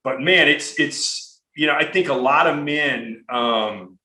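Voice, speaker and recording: A man's voice: on the high side, slow, sharp tone, echoey room, poor audio. A man hosting a podcast interview, talking in an earnest, rambling, profane way with lots of restarts. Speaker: podcast host. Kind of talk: casual conversational interview.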